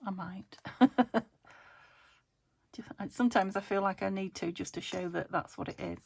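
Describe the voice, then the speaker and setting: A British woman hosting a craft channel, chatting casually as she works, talking to her materials with murmured asides and a slightly croaky voice. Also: mid-range voice, normal speed, no room sound. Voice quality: a bit croaky. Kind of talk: casual chat while crafting.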